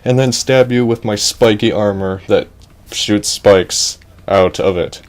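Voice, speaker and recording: Man as a blustering young hero, everyday voice, slow delivery. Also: fairly low pitch. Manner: blustering, casual. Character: brash young male warrior hero.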